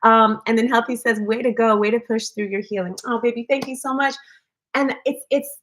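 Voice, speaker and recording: A woman's voice: on the high side, steady tone, fairly quick, fairly bright tone, a little hiss or hum. Woman, livestream wellness host, casual and earnest, repeats herself for encouragement. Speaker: host of a weekly live wellness show. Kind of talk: casual motivational livestream talk.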